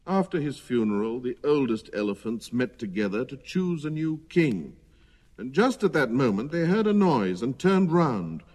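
A man narrating a children's storybook in an expressive reading voice. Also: medium pitch, moderate pace, slightly rough, big-room sound. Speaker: storybook reader.

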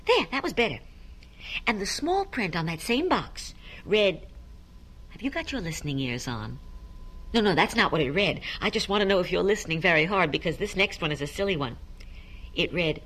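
A woman reading a children's story aloud, animated and coaxing listeners to repeat tongue twisters. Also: on the low side, moderate pace.

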